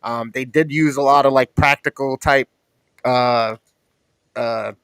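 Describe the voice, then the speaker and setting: A man's voice: medium pitch, fairly even intonation, slow pace, a bit bright, smooth, dry recording. A man co-hosting a casual movie review chat, laid-back and slangy. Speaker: podcast co-host.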